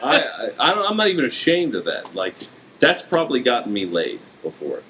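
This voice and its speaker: A man's voice: mid-range voice, wildly swooping pitch, moderate pace, pushed and bright, rough recording. A man from West Virginia chatting casually as a podcast guest and comedian, joking and laughing often. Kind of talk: casual chat.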